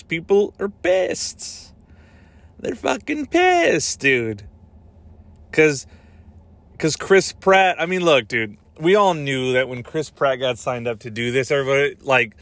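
Profane joking podcast host, a man. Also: medium pitch. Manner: loose and profane, jokey, acts out lines in silly voices. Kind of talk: casual solo podcast rant.

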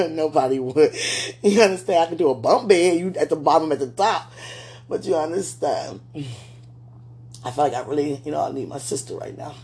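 A woman's voice: sits low, lively intonation, moderate pace, dark tone, slightly rough. Pleading woman praying aloud. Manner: repetitive, pleading, talking to herself. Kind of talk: emotional spoken prayer.

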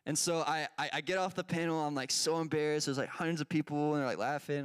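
A man's voice: on the high side, a little fast, hardly any pauses, no room sound, clean studio sound. A man teaching a casual Bible lesson, asking his group questions and telling a personal story with many fillers.

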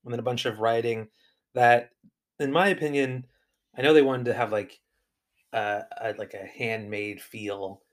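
A young man co-hosting a relaxed podcast conversation. His voice sits at a medium pitch. He talks loosely and opinionatedly, filling pauses with ums and circling back on his thoughts. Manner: opinionated, rambling with fillers. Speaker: podcast co-host. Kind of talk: casual chat.

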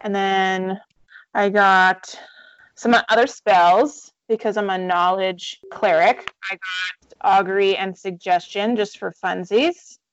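A woman's voice: mid-range voice, fairly even intonation, slow pace, clear, resonant tone, dry recording, highs cut off. A woman player talking casually about her character, rambling and correcting herself as she goes. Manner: rambling, self-correcting, chatty.

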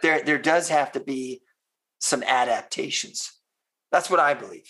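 Male host, casual and halting, with a gravelly, raspy voice. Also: mid-range voice, sharp tone. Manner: halting, repeats words while thinking. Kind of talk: casual conversation.

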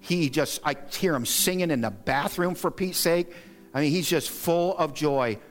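Earnest male pastor preaching. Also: normal speed. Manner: earnest and exhorting, lists points, rises in pitch to stress them. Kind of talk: sermon. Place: church sanctuary.

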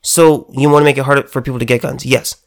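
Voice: mid-range voice, steady tone, quick pace. A political commentator delivering a heated monologue, emphatic and sarcastic, often stumbling and restarting words.

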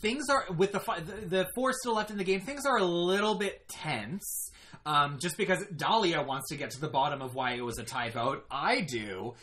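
A man's voice: on the high side, moderate pace, pushed and bright. A young man casually recapping a game season he played in, retelling events in a rambling, self-correcting way.

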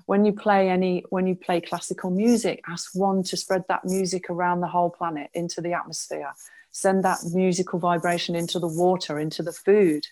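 A woman's voice: on the low side, flat delivery, fairly quick, a little mellow. A woman in a casual conversation, talking as a spiritual healer, earnest and explaining with frequent restarts.

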